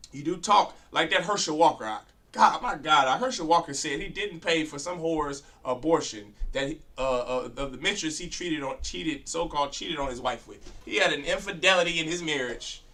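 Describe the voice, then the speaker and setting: A man lectures a class like a street preacher, his voice pitched high and ringing bright. He is blunt and crude, throwing rhetorical questions at the room and demanding answers. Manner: confrontational, fires rhetorical questions at students. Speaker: class teacher.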